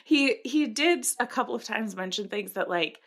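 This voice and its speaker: A woman's voice: fairly high pitch, lively intonation, fairly bright tone. A woman from Minnesota co-hosting a podcast, chatting in a giggly, playful way. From Minnesota, USA. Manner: giggly, playful, quick asides. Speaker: podcast co-host. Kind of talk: casual chat.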